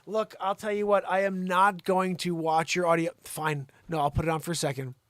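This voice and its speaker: A man hosting an improvised live comedy show, teasing a co-host in mock exasperation and lurching between loud outbursts and low mutters. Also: level tone, fairly quick, no room sound.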